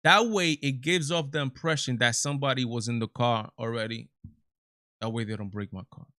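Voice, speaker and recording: A man's voice: mid-range voice, a little fast, bright, forceful tone, no echo, clean studio sound. A man hosting his own live commentary stream, talking emphatically with many repeats and restarts. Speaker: show host.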